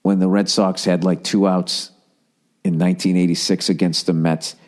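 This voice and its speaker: A man's voice: low-pitched, level tone, moderate pace, a little mellow. A middle-aged man hosts a podcast alone, talking in a loose, rambling monologue. He swears constantly and sounds exasperated as he jumps from one thought to the next. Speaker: podcast host. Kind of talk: casual ranting monologue.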